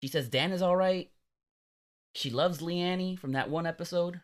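A man co-hosting a comedic podcast, an animated storyteller who acts out the voices in his stories. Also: sits high, unhurried. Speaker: podcast co-host.

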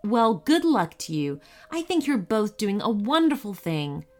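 A woman voicing a gentle, easygoing mother of two, talking in a homely, relaxed way. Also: medium pitch, a little slow.

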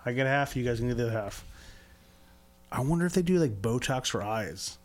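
A man's voice: medium pitch, animated, fairly quick. Podcast co-host, male, rambling and crude, loose storytelling chat. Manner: rambling, crude, filler-heavy.

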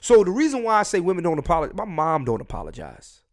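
Animated man ranting on a podcast. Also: sits high, fast. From Philadelphia. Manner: animated, blunt, swears freely, swings between loud and quiet. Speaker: podcast host. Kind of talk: solo podcast rant.

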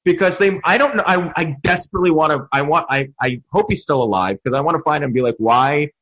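A man guest on a podcast, chatting casually and ranting in an animated, profane way. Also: a little high, fast, slightly rough, highs cut off. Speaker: podcast guest, comedy writer. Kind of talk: casual chat.

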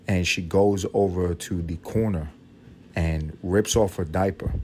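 Profane husky man venting about parenting. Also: deep voice, measured pace. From New York. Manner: profane, animated, exasperated. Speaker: podcast host. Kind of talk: casual storytelling monologue.

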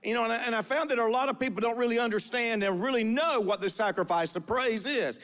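A man's voice: very high-pitched, fast talker, fairly bright tone, in a large hall. A man preaching a sermon in a church, delivering prophetic declarations and calling on the congregation to respond, often starting phrases with "uh". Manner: repeats phrases with filler "uh", calls for congregation response. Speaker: pastor. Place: church sanctuary.

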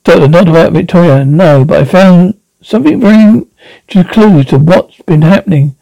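A man voicing a calm, curious traveller who asks brisk, reassuring questions. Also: high-pitched, gravelly, no echo, muffled recording.

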